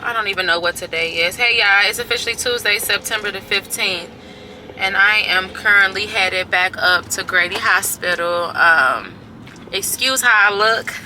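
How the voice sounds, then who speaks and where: A woman's voice: medium pitch, normal speed, pushed and bright, slight background noise, low-quality recording. A woman vlogging casually from her car, telling a personal story with candid, profane talk and a sore throat. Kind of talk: casual confessional vlog.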